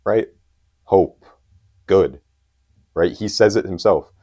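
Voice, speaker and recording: A man's voice: low-pitched, slow pace, dark tone. A young man co-hosting a podcast, talking casually and emphatically as an enthusiastic fan. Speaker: podcast co-host. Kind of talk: casual chat.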